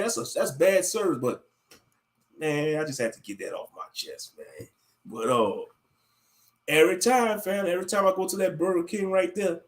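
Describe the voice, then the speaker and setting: A man's voice: fairly high pitch, animated, brisk. Profane man ranting on a livestream. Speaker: livestream host. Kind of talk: casual livestream rant.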